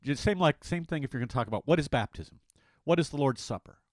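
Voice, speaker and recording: A man co-hosting a conversational Bible study, reading scripture in an animated, dramatic way. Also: medium pitch, fast, no room sound. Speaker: pastor co-host.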